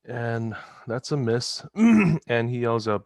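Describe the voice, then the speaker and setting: A man playing a tabletop game, relaxed and joking as he describes his character's actions. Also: medium pitch, takes it slowly, no room sound. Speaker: player. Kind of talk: casual tabletop play.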